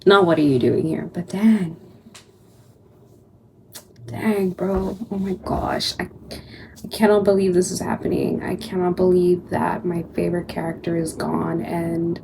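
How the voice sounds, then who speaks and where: A woman's voice: fairly low pitch, steady tone, a little slow, vocal fry, a little mellow, a little hiss or hum. A young woman vlogging casually about a book she is reading, talking in an emotional, slangy, gushing way.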